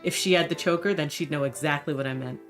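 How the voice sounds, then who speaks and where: A woman's voice: deep voice, fast talker, voice pushed down, close to an everyday voice. A woman reading the lines of a sly male con-artist narrator in a wry, self-assured storytelling manner, with faint music behind.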